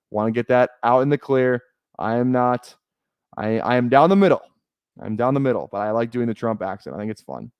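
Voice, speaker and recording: A man's voice: mid-range voice, a little mellow, no room sound, studio quality. A young man streaming live, chatting casually and thinking aloud as he talks. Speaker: fantasy football streamer.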